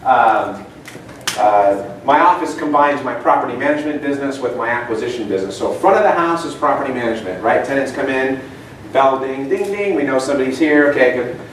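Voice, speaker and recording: A man's voice: medium pitch, lively intonation, fairly quick, a little hiss or hum. A middle-aged man giving a seminar talk to an audience, telling stories and asking the room questions. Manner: chatty storyteller, asks the room questions. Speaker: seminar speaker. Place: meeting room. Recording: echoey room, mic far off.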